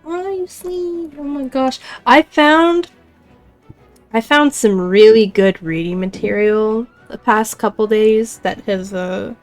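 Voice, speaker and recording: A young woman streaming a game, chatting casually with viewers, reading chat aloud and giggling often. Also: mid-range voice.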